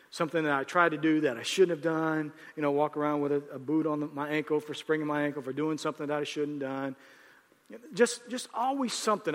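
A man preaching a sermon to a congregation, animated and swinging up into loud, emphatic bursts. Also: fairly high pitch. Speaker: pastor. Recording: hall reverb.

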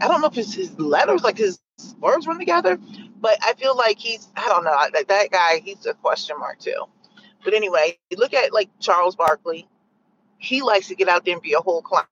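A woman's voice: mid-range voice, animated, normal speed, fairly bright tone, dull audio, a little hiss or hum. A woman giving her opinions in a casual, rambling vlog, sarcastic and full of fillers, seemingly recorded in a car. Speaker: vlogger sharing opinions.

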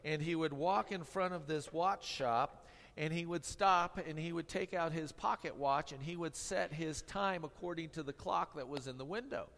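Male pastor, wry storyteller, a touch high-pitched, heard in an echoing church hall. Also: normal speed, fairly bright tone. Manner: humorous, tongue-in-cheek storytelling. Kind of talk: sermon.

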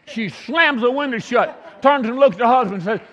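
High-voiced folksy preacher in an echoey hall. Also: male voice, a little fast, pushed and bright, lo-fi sound. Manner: homespun, repeats himself for emphasis. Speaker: pastor. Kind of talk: folksy storytelling sermon.

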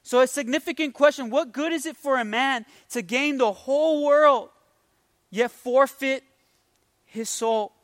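High-voiced man preaching a sermon. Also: measured pace, a bit bright, no room sound. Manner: emotional, conversational, rising with emphasis. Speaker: pastor.

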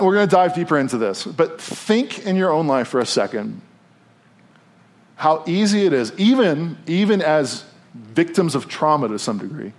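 A pastor giving a conversational sermon to a room, acting out quotes in a lively, expressive way. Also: male voice. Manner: animated, acts out quotes with big pitch jumps. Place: church room with audience.

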